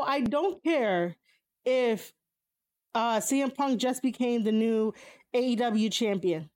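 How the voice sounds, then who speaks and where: A woman in a casual, opinionated chat, reading viewers' comments aloud and answering them. She swears bluntly, uses a lot of fillers and laughs often, with sudden high-pitched exclamations. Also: darkish tone. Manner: blunt and profane, frequent fillers.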